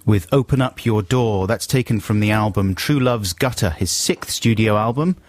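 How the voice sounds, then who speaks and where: A man's voice: on the low side, moderate pace, dry recording. A man co-hosting a radio show from a studio, teasing and joking with his co-host and guest. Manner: jokey, teasing, laughs often. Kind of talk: playful radio banter. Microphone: studio microphone.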